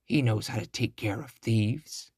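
A cruel castle guard threatens his captives in a slow, heavy way, as a man puts him on. It is a storybook reading with a dry, close sound. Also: on the low side, a little mellow, breathy edge, dry recording. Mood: menacing.

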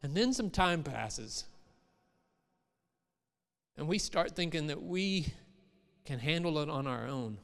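A middle-aged man preaches in a fairly high voice, chatting with the congregation and then lifting into emphatic quoted lines. His sermon rings with the long reverb of a large hall. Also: lively intonation, slow, gravelly, long pauses, a bit bright. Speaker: pastor.

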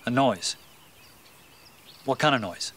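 A man's voice: mid-range voice, expressive, slow pace, fairly bright tone, a little hiss or hum. An actor playing a sad-eyed park ranger who patiently questions a lost boy in a film clip. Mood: questioning.

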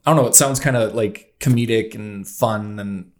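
Man, lowish voice, casual podcast talk, hesitant, rambling. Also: normal speed, a little mellow. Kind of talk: casual chat.

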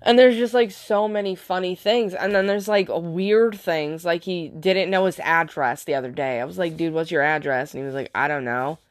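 Young woman, low-pitched, chatty casual vlog storyteller, dry close sound. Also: normal speed, hardly any pauses, no echo. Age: young adult. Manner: chatty, laughs often, says "like" a lot. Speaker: vlogger and stepmom.

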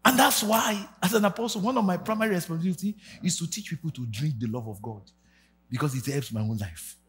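A Nigerian man in his forties preaching a sermon, swinging from shouted rallying calls to low quiet asides. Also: fast. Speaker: pastor. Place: church hall with congregation.

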